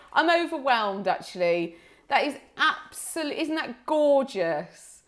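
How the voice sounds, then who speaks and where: Woman cohost, high and bouncy, gushes over everything, super effusive. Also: sing-song. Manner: gushing and effusive, quick to laugh. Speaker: podcast co-host. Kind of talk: casual chat.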